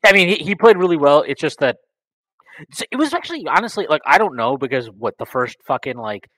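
A man co-hosting a podcast in casual sports chat, blunt and animated, swearing freely. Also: on the high side, fairly quick, dry recording, rough recording. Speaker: podcast co-host.

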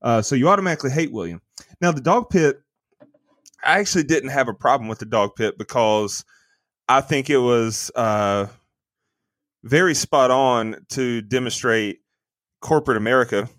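A man's voice: medium pitch, moderate pace, long pauses, a bit bright, no room sound. A man co-hosting a podcast, giving an opinionated, rambling movie review full of fillers and restarts. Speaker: podcast co-host. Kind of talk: casual movie review chat.

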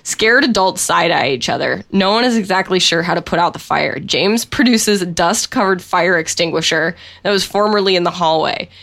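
Lowish woman reading aloud wryly. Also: normal speed, creaky, few pauses, a bit bright. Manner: laughs often while reading, wry. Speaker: co-host reading a story aloud. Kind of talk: reading a written story aloud.

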